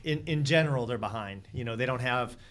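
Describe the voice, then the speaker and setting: A man of ordinary pitch reflects aloud as host, often circling back and restarting his sentences. A light noise runs under the recording. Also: fairly quick, fairly bright tone. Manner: reflective, rambling, many restarts. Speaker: podcast host. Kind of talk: casual podcast chat.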